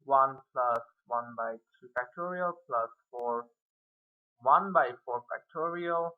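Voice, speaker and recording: A man's voice: mid-range voice, slow pace, narrow, tinny audio. A man giving a casual whiteboard math lesson, rambling and muttering self-mocking asides as he works through the steps. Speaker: math tutor.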